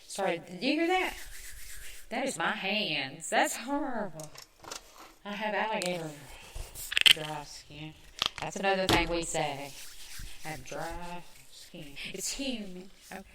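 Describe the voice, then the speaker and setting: A Southern woman with a lowish voice talks slowly and chattily, making fun of herself as she goes. She sounds a bit far from the mic in an echoey room. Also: lively intonation, noisy background. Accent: Southern American. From American South. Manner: chatty, self-mocking, quick asides. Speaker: podcast host. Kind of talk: casual chat.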